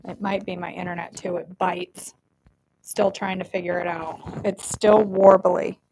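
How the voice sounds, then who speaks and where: A woman's voice: on the low side, flat delivery, a little slow, creaky, background noise. Chatty woman streaming from her kitchen. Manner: chatty, self-deprecating, fiddling with her mic. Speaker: host of a live cooking stream. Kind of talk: casual live-stream chat. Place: home kitchen. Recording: warbly, staticky live-stream audio.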